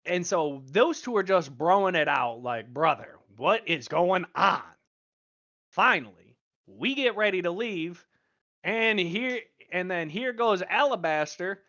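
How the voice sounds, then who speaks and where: A man retells a tabletop game session in loose, casual slang and jumps into the characters' voices. His voice is high and bright, with wide swings in pitch. The audio is a bit dull. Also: animated, measured pace. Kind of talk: animated session recap.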